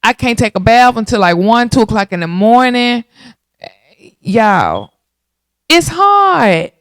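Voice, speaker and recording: A woman in her thirties hosting a podcast, telling her own story in a casual, animated way and talking straight to her listeners. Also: mid-range voice, no room sound, studio quality. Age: 30s. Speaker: podcast host.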